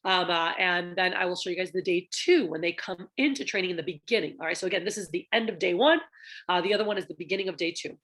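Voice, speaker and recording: Young woman trainer, kinda low voice, super casual, tons of ums and uhs, plays out little convos. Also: quick pace, fairly bright tone. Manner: chatty, many fillers, acts out quoted dialogue. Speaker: sales division trainer. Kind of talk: casual training talk to managers.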